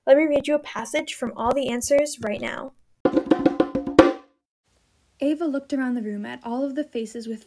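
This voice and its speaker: A woman talks through a book review and reads a passage aloud. Her voice sits on the high side with a mellow, soft tone. She sounds earnest and sometimes pauses and restarts when speaking freely. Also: poor audio.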